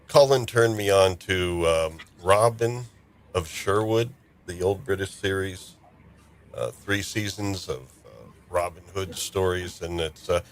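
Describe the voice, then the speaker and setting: Male podcast host, low voice, easygoing filler-heavy chat. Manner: relaxed, chatty, frequent fillers. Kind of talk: casual group chat.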